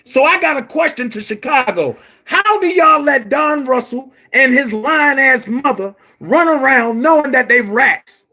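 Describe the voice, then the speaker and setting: Slow, heated high-voiced man. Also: expressive, sharp tone. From Baltimore. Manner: confrontational, repetitive, calls listeners brother. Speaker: online commentator. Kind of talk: heated monologue to camera.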